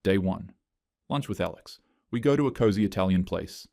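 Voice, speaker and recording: A man's voice: low-pitched, animated, moderate pace, creaky, mellow, dry recording. A man narrating a scripted first-person story in short, dry, clipped phrases.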